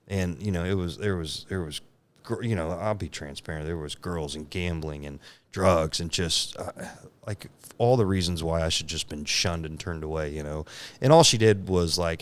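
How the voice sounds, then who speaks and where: A man's voice: low-pitched, moderate pace. A man in his thirties, a podcast guest, telling a candid personal story in casual talk, laughing often and acting out the lines he quotes.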